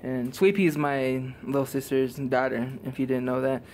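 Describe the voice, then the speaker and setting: A man recording a casual vlog outdoors in a driveway, out of breath and talking in halting, quiet, earnest phrases. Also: mid-range voice, little pitch movement, slight background noise. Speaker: vlogger. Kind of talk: casual vlog talk to camera.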